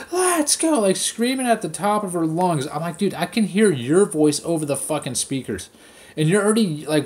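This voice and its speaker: A man's voice: on the high side, a little mellow. A man hosting a podcast, ranting casually with heavy swearing and mocking impressions of people. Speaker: podcast host. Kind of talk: casual profane rant.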